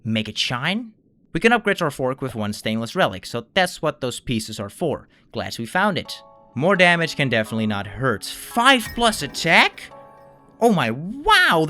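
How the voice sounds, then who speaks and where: Animated man narrating a game playthrough. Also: mid-range voice, no room sound. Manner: joking asides to viewers. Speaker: gaming YouTuber.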